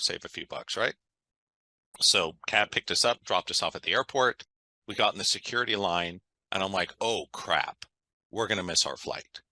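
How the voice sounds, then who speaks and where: A man's voice: lowish voice, bright, forceful tone, no room sound, poor audio. A man, a guest on an interview, talking in an enthusiastic, conversational way and often checking in with "right?". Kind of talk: interview storytelling.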